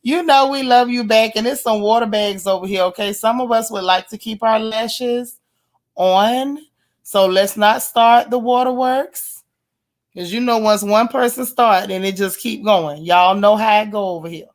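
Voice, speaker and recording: A hoarse woman hosting a casual livestream, chatting warmly and reading viewer comments aloud. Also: fairly high pitch, moderate pace. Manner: affectionate, teasing. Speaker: livestream host. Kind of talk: casual live-stream chat.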